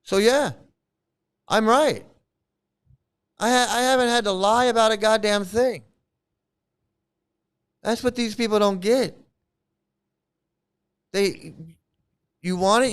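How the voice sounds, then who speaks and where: A man with a high voice rants his way through a commentary on a replayed stream. His tone is crisp and clean, and his remarks come out scornful and mocking. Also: a little slow, long pauses, a bit bright. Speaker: commentary host.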